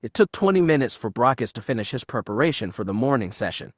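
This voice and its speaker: A man narrating a space-adventure story in an even, measured storytelling manner. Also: mid-range voice, dry recording, studio quality. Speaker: audiobook narrator. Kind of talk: audiobook narration of fan fiction.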